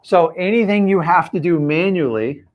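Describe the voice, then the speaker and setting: With a high, animated voice at normal speed and dull audio, a man teaches real estate coaching in a live stream. He hits his points emphatically and keeps throwing rhetorical questions at his audience.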